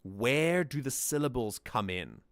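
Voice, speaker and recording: A man's voice: mid-range voice, lively intonation, a little slow. A man hosting a casual music analysis, explaining thoughtfully and often restarting his sentences. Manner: sings lines back to demonstrate. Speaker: music reaction host.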